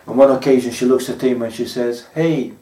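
A man preaching a sermon as pastor, telling stories in a measured way with frequent pauses and fillers. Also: mid-range voice, little pitch movement, warm tone, roomy sound, recorded from a distance.

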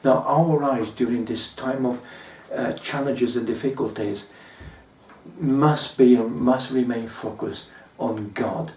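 A man preaching a sermon as pastor, telling stories in a measured way with frequent pauses and fillers. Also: medium pitch, fairly even intonation, a little mellow, echoey room, far from the mic.

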